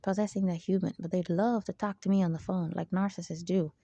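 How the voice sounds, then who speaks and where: A woman's voice: lowish voice, fairly even intonation, a little fast, mellow, no echo, lo-fi sound. A woman hosting her own channel, talking in an emphatic, rambling spiritual monologue full of asides. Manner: emphatic, digressive, frequent "there you go". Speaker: channel host.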